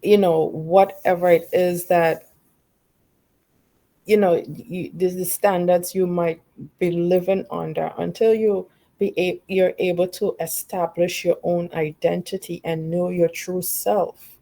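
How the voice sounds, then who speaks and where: A woman's voice: lowish voice, steady tone, unhurried, warm tone. A woman speaking reflectively in a group discussion, in long run-on sentences. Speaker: participant.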